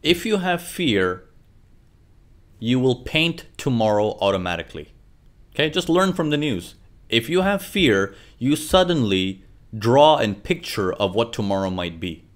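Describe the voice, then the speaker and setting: Walking through charts in a live lesson, a male trading instructor speaks with a mid-range voice at an unhurried pace. His manner is animated; he often says "okay" and "right" and voices traders' thoughts aloud.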